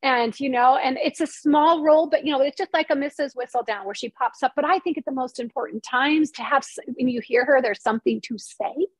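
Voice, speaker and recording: High-voiced, chatty woman storyteller. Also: fairly quick, few pauses, no echo. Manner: animated storytelling, acts out quoted dialogue. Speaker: interview guest, novelist and screenwriter. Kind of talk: casual interview chat.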